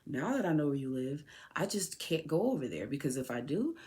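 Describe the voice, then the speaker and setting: A woman's voice: sits low, big pitch swings, fairly quick, dark tone. A woman podcast host speaking directly to her son, raw, tearful and heartfelt. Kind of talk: emotional personal address to her son.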